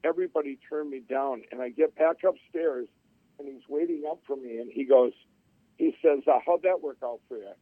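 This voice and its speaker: A middle-aged man being interviewed rambles through his life story at a normal speed in a mid-range voice. Frequent restarts and acted-out quotes fill his telling, and the tinny phone-line audio carries no room sound.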